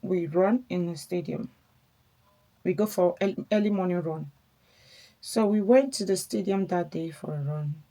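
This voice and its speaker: A woman's voice: fairly low pitch, moderate pace, dark tone. Candid young woman, rambling vlog chat. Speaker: vlogger. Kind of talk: casual get-ready-with-me storytelling.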